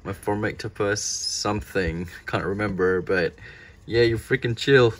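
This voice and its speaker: A man keeping tarantulas, chatting casually and excitedly as he feeds them, often exclaiming and talking to the animals. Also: lowish voice, unhurried, slight background noise. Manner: excitable, talks to his spiders, laughs and exclaims often. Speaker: tarantula keeper filming feedings. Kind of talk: casual vlog commentary.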